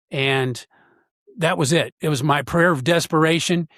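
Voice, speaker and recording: A man, a podcast guest, telling a personal story in an earnest, halting way with frequent pauses. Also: fairly high pitch, fairly bright tone, no echo, studio quality.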